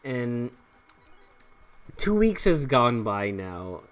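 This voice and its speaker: A man's voice: mid-range voice, big pitch swings, very slow. A young man telling a personal story over gameplay, rambling with frequent swearing, fillers and restarts. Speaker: gaming channel host.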